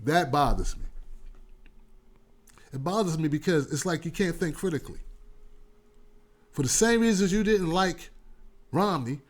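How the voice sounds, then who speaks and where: A male talk show host giving casual political commentary, animated and repetitive, often laughing. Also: fairly high pitch.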